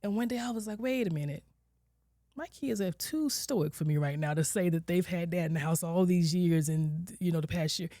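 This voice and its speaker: A woman in her forties, a social worker, telling her personal story as a podcast guest, candid, acting out her own and her children's words and sometimes dropping to a soft near-whisper. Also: lowish voice, moderate pace, no echo, clean studio sound. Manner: candid, quotes herself and her kids with lively shifts, drops to soft near-whispers. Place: podcast studio.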